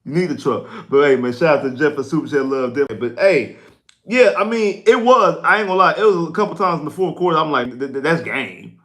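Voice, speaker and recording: Excitable man hosting a sports livestream. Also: a little high, quick pace. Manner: excitable, repeats himself, stumbles over words. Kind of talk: casual postgame sports talk.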